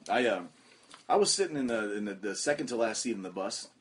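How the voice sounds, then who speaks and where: A man hosting a casual podcast, telling profane, animated stories and putting on loud voices for the people in them. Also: on the low side, brisk. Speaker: podcast host. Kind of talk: casual chat.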